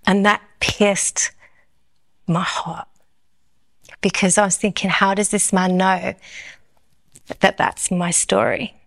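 A woman's voice: medium pitch, little pitch movement, takes it slowly, creaky, long pauses. A woman giving a personal faith testimony. She tells it expressively and acts out her own inner thoughts as she goes.

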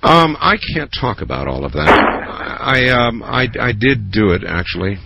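A man's voice: mid-range voice, unhurried, gravelly, very noisy. A man hosting a late-night call-in radio show, chatting easily with callers. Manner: relaxed, chatty, lively phrasing. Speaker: radio talk show host.

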